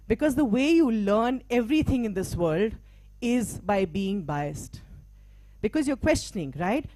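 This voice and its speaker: On stage at a live talk, a middle-aged mental health practitioner and diversity trainer delivers motivational remarks in a chatty manner, often tossing out "right?" and "okay?" to her listeners. Her voice is mid-range and a little mellow, captured with no echo.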